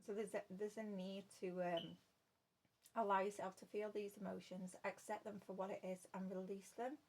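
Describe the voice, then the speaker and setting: A woman does a spoken tarot reading for viewers at a moderate pace, her mid-range voice level and darkish in tone. Earnest throughout, she repeats phrases and calls the listener "love."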